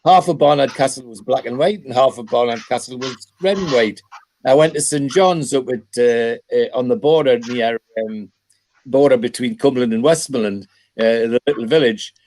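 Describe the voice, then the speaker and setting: A man's voice: mid-range voice, normal speed, darkish tone. An older man from North East England in casual chat, telling rambling anecdotes with chuckles and restarts. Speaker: podcast panelist.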